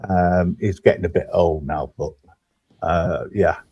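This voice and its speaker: A man's voice: deep voice, steady tone, measured pace, husky, no room sound, muffled recording. Laid-back teasing male streamer. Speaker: stream co-host. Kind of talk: casual chat.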